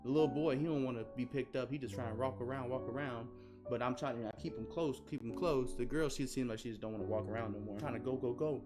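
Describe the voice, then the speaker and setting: A man telling a story in a rambling, animated way, often repeating his phrases. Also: mid-range voice, quick pace, music in the background. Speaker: streamer. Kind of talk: casual storytelling.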